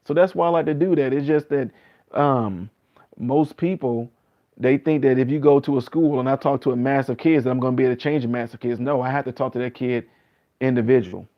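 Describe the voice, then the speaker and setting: A man's voice: a little fast, lo-fi sound. A man in his late thirties talking casually on a live stream, reading out viewer comments and earnestly repeating his points. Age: 30s. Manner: earnest, repetitive, acts out other people's replies in a higher voice.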